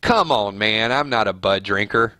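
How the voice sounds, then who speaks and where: Live-stream host, man, nasal and bright, dry close sound, casual and laughing easily. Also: fairly low pitch, moderate pace, dry recording. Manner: chatty, laughs easily, thinks aloud. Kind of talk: casual live-stream chat reading viewer comments.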